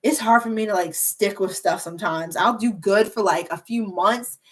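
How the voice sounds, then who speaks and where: Reading viewer comments during a casual livestream, this young woman, a YouTuber focused on beauty and hair, comes across as bubbly and rambling with lots of fillers. Her mid-range voice has a breathy edge, and she speaks at a normal speed.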